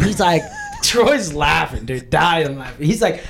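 Excitable, profane young man. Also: high voice, unhurried, slight background noise. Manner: profane, excitable, laughs while telling stories. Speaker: podcast host. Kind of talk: casual storytelling chat.

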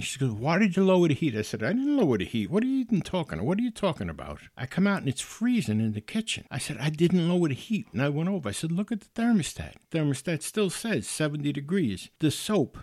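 A man's voice: medium pitch, a little mellow, dry recording. Man telling a spooky true story. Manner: casual, with repeated restarts and acted-out quotes. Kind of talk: personal ghost story telling.

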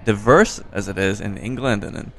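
American man from the Midwest, gravelly voice, wry host of a relaxed chat. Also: lowish voice, moderate pace, slight background noise. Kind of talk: casual chat. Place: bar by a window.

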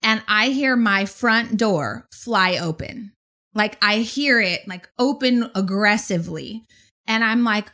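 A woman in her forties telling a story in a casual, animated way, swearing often. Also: mid-range voice, measured pace. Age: 40s. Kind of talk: casual anecdote on a talk show.

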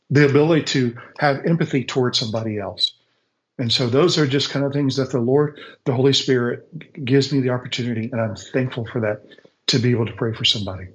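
A man's voice: mid-range voice, poor audio. Male guest, mid-range voice; earnest, faith-driven testimony with frequent restarts. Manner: earnest, repeats words as he searches for them; speaks with faith-filled conviction. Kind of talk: casual storytelling on a call-in show.

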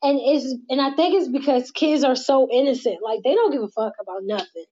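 A woman's voice: high-pitched, fairly quick, warm tone, slight background noise. Candid young woman, lo-fi audio. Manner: candid, laughs often, swears casually. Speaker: guest, model and mother. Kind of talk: casual podcast interview. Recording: muffled, lo-fi audio.

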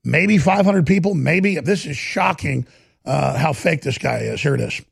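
A man's voice: on the high side, normal speed, creaky, slightly rough, dry recording. A man with a Texan accent hosting opinionated political commentary, sarcastic and mocking. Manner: sarcastic, mocking, slips into put-on voices.

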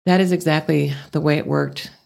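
Older Texas woman, low gravelly voice, earnest interview guest. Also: steady tone, brisk, darkish tone. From Amarillo, Texas. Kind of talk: casual interview.

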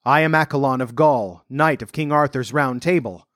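A man's voice: mid-range voice, normal speed, fairly bright tone, no room sound, clean studio sound, natural voice. A man voicing a loyal but deceived medieval knight in an audiobook reading, speaking archaic courtly lines earnestly. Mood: resolute. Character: loyal deceived knight, male, adult, remorseful.

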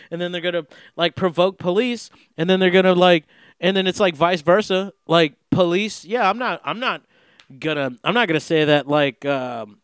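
A man's voice: a little high, a bit bright, clear, resonant tone, no room sound, studio quality. A young man from the Los Angeles area talking in a casual, rambling monologue, profane and full of fillers and restarts. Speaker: podcast host.

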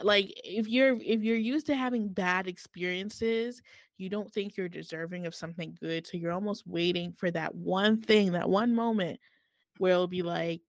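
A woman's voice: fairly low pitch, dry recording. A woman co-hosting a book podcast, chatting casually and retelling a story with lots of quoted voices.

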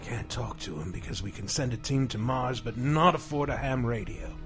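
A man performing an impression of a doomed heroic actor in a comedy sketch, indignant and shouting his complaints. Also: medium pitch, lively intonation, normal speed, faint music behind, close to an everyday voice. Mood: grudging.

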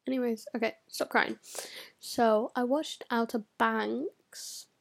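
Teen girl vlogger, slightly high and husky, rambling chat with lots of swearing. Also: slow. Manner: chatty, swears a lot, dips into whispers. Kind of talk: casual chat to camera.

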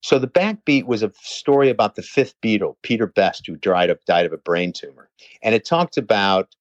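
Animated swearing man telling stories. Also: fairly low pitch, normal speed, no echo, lo-fi sound. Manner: animated, swearing, lively anecdotal storyteller. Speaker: personal trainer telling a story. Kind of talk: casual storytelling chat.

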